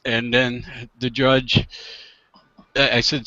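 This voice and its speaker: A man, a divorce attorney and guest, telling a funny story casually and acting out the quotes loudly. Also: mid-range voice, slow pace, dry recording, dull audio. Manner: animated, acts out quotes loudly.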